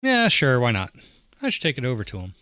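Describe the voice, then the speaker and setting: A man's voice: medium pitch, a little fast, no echo, clean studio sound, faint music behind. A man hosting a playthrough, reading the dialogue of a dad dating game with jokey asides. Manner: animated, jokey, voices the player dad with warmth. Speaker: let's play host.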